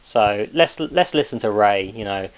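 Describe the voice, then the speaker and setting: A man's voice: fairly low pitch, animated, a little slow. A man hosting a casual video, chatting loosely with frequent fillers and swearing. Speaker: video host. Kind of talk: casual narrated video commentary.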